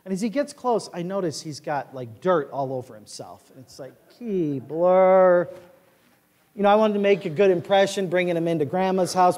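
A male pastor preaching a sermon, reading scripture with force and dropping to a quiet storytelling voice. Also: a little high. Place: church sanctuary. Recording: echoey church sanctuary reverb.

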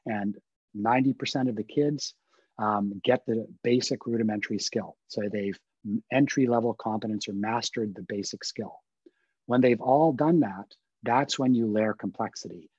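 A man's voice: mid-range voice, warm tone, breathy edge, no echo, dull audio. A man giving a webinar lecture to coaches, explaining points with emphatic repetition. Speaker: guest expert speaker. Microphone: video call.

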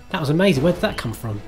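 A man streaming himself playing a game, chatting to viewers in a self-mocking way, swearing and laughing at his own mistakes. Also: fairly high pitch. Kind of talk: live gameplay commentary.

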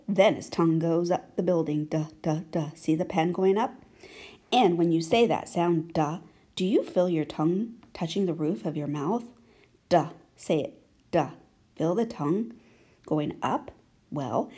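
Woman, low-ish voice, breathy, patient children's writing teacher, encouraging, lots of questions. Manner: gentle, slow and encouraging, asking many check questions. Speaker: handwriting teacher. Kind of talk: children's handwriting lesson.

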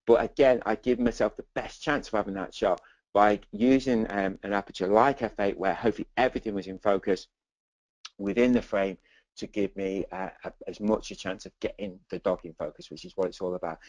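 A man's voice: on the low side, steady tone, a little fast, a little mellow, no echo, poor audio. A man teaching dog photography in a webinar, chatty and enthusiastic, with many asides like "okay". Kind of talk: presenting slides in a webinar.

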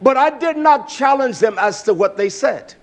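A man preaching a sermon, emphatic, repeating key words, with frequent "uh" pauses and bursts of raised volume. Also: very high-pitched, lively intonation.

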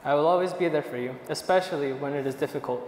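A young man, the groom, reading his wedding vows softly and with emotion. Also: a little high, fast talker, echoey room, long reverb tail, a little hiss or hum, low-quality recording. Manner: soft, emotional, reading from notes.

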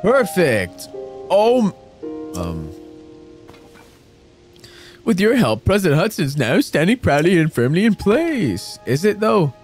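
A man's voice: high-pitched, huge pitch swings, slow, long pauses. A man giving casual, goofy let's-play commentary, mocking himself and talking to the game characters. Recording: game music behind voice.

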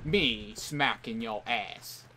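A man's voice: medium pitch, slow pace, background noise. A man giving live commentary over an online shooter match, hurling theatrical mock-outraged insults at opponents. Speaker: gameplay commentator.

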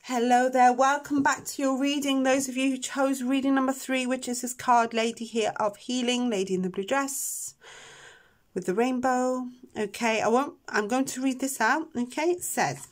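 Soft-spoken tarot reader woman. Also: high-pitched, steady tone, moderate pace. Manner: soft, emotional, chatty with many ums. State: tearing up. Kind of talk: pick-a-card tarot reading.

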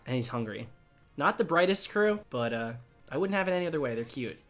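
An excitable man talking through a video game for his channel, his pitch leaping up and down as he chats. He keeps cooing at the creatures on screen between bursts of excitement. Faint music plays behind him. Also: fairly quick. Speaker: gaming YouTuber. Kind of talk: excited gaming commentary.

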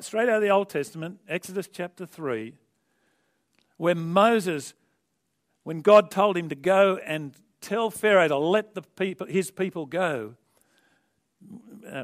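A high-pitched man preaches a sermon as animated storytelling. He makes conversational asides to the congregation and swings widely between quiet and loud emphasis.

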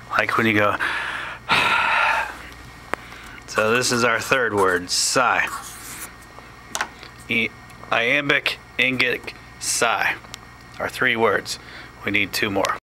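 A man teaching a step-by-step tutorial, explaining slowly and plainly with small joking asides. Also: fairly low pitch, background noise.

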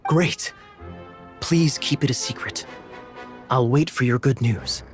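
An actor voicing a young game character who tells grand, secretive tales with earnest drama. His voice sits at a medium pitch, and faint game music plays behind him. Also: slow, lightly acted. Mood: storytelling. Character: boastful young male pirate's grandson with an eye patch. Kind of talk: game dialogue.

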